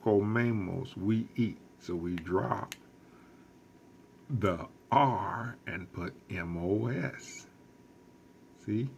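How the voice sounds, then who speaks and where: A deep, gravelly male teacher working through a recorded lesson at an unhurried, patient pace. He repeats each example and walks students through every step. A faint hiss sits under the recording. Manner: slow, patient explaining with repetition. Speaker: Spanish teacher.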